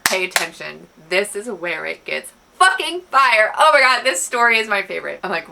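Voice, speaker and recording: Bright-voiced young woman telling a storytime. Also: mid-range voice, a little fast, gravelly, hardly any pauses. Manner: animated, profane, acts out quotes. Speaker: vlogger. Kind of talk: storytime vlog.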